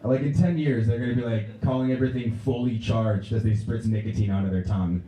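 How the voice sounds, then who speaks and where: A young man from Pennsylvania doing a stand-up routine in a Pennsylvania accent, telling stories deadpan and breaking into raised voices for other people. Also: medium pitch, a little fast, far from the mic. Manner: deadpan storytelling, acts out characters in raised voices. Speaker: stand-up comedian. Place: movie theater stage. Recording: echoey room.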